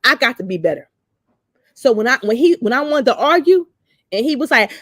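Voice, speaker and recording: A woman's voice: high-pitched, big pitch swings, a little fast, long pauses, fairly bright tone, dry recording, clean studio sound. A woman hosting a talk show, telling personal stories bluntly and animatedly and slipping into the voices of the people she quotes. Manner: blunt, salty. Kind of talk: candid personal storytelling.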